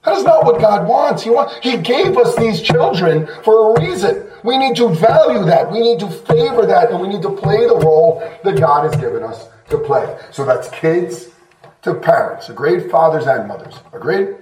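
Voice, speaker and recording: A man's voice: high-pitched, animated, moderate pace, a little mellow, reverberant, distant mic, a little hiss or hum, low-quality recording. A middle-aged man preaching a sermon as pastor, in a conversational, self-deprecating way with sudden bursts of emphasis.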